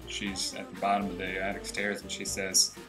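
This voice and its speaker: A young man telling long jokes to his laptop camera, animated, acting out the characters' lines. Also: sits low, moderate pace, over music, rough recording. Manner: animated storyteller, voices the characters. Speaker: comedy show host telling jokes. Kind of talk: joke telling. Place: small room, webcam. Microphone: built-in laptop camera mic.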